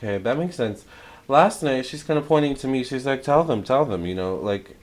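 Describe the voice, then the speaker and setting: A young man giving a casual tarot channeling talk, chatty and excitable, with many fillers and self-corrections. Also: medium pitch, fairly quick. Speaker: tarot reader.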